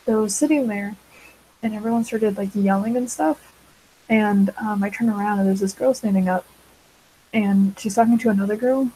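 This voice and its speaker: A woman's voice: mid-range voice, moderate pace, warm tone, a little hiss or hum, rough recording. A teenage girl chatting casually while she draws, rambling with many fillers and side tracks. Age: teens. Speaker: vlogger.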